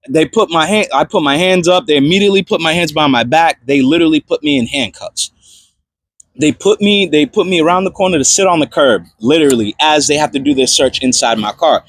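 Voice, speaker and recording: Young male storyteller, slightly high-pitched, animated slangy delivery, dry close sound. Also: brisk, no echo. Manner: animated, slangy, many fillers and restarts. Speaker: vlogger telling a personal story. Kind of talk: casual storytelling testimony.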